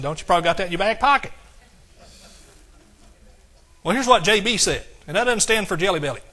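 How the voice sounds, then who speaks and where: A man delivers an exuberant church sermon. His voice sits slightly high and sounds bright and forceful. He bursts into shouts of praise and slows to a deliberate, emphatic pace when reading scripture. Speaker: pastor.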